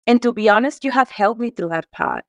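A woman's voice: fairly high pitch, lively intonation, brisk, no room sound. A woman from Mexico, a guest in an interview, talking in a heartfelt, tearful way with many restarts and fillers. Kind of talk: emotional conversational interview.

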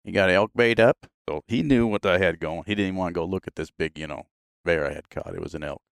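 A man's voice: low-pitched, quick pace, vocal fry, clear, resonant tone, no echo. A man telling hunting stories on a podcast in a casual, laughing way, often quoting others. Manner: laughing, animated storyteller doing quoted voices. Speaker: podcast guest. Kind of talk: casual storytelling.

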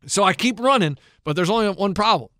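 A young adult man, a coach, casually telling an animated story and acting out the people in it. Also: high-pitched, brisk, dry recording, clean studio sound. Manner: animated, acts out shouted quotes.

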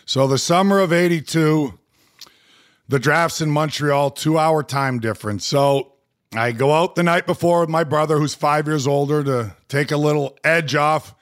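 A man's voice: on the high side, moderate pace. A man from Canada, a guest in an interview, telling candid stories and laughing now and then. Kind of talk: storytelling interview.

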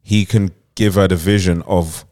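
A man with a low, smooth, resonant voice. He co-hosts a casual podcast chat, rambling through a story with plenty of "um"s and little laughs. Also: fairly even intonation, normal speed, darkish tone. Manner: rambling, many fillers, laughs while telling. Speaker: podcast co-host. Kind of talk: casual chat, retelling a show's plot.

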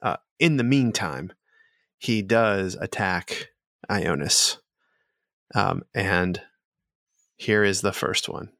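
Game master, male, low gravelly voice, dry close sound, hesitant narration. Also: a bit bright, dry recording. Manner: halting, full of fillers and laughs.

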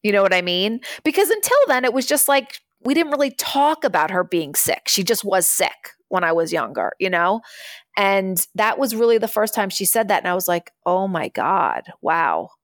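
A woman's voice: mid-range voice, lively intonation, normal speed, dry recording, clean studio sound. A woman in her thirties, speaking candidly as a guest in an interview, in an earnest, conversational way and acting out the voices she quotes.

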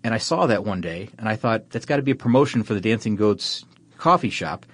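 A man's voice: fairly low pitch, expressive, fairly quick, no room sound. Man, podcast co-host, rambling, chuckling, dry recording. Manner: rambling, self-correcting, chuckling. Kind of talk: casual chat.

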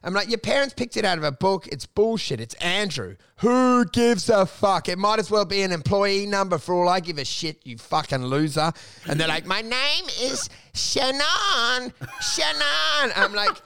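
A man's voice: high voice, lively intonation, brisk, sharp tone, clear, resonant tone, no echo. A man, co-hosting a casual comedic chat, riffing crudely and ranting in mock voices.

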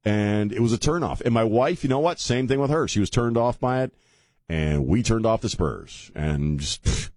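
A man's voice: on the low side, lively intonation, moderate pace, darkish tone, no echo. A man hosting a talk radio show from a studio, joking and sarcastic in a rambling, casual way. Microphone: studio microphone.

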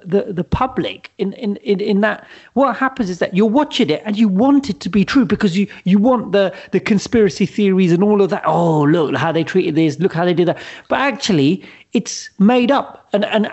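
A London man on a podcast with a lively, swinging pitch, arguing his corner in casual chat. The sound is a little dull and muffled. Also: husky. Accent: London English. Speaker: podcast co-host.

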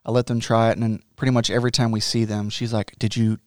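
A man, a guest maker, describing his product in casual chat, halting with many fillers. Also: mid-range voice, little pitch movement, a little mellow, no echo, studio quality. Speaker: guest brewer.

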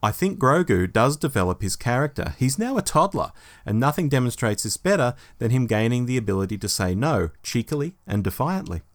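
A man co-hosting a podcast, chatting casually and reading listener emails aloud with lively, animated delivery. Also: medium pitch, fairly quick. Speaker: podcast co-host.

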